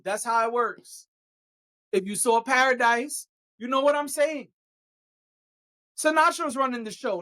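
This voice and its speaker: A man's voice: extremely high pitch, a bit bright. A man hosting a solo podcast rant, sarcastic and exasperated, swearing freely and firing off rhetorical questions. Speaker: podcast host.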